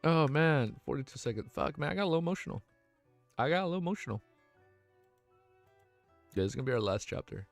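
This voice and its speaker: A man's voice: on the high side, expressive, fast talker, vocal fry, pauses often, no room sound, faint music behind. A young man streaming, reading a novel aloud and breaking off to react emotionally, casual and swearing.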